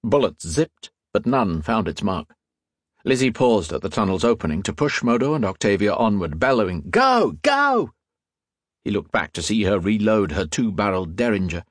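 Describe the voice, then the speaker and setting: A man narrating an adventure audiobook in a dramatic, lively reading style with a slightly husky voice. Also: on the low side, a little fast, no echo.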